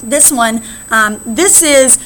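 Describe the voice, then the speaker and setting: A woman's voice: on the high side, slow, a bit bright, slight background noise. American woman teacher lecturing. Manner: explains slides, often adds "right?" and "um". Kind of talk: recorded classroom lecture.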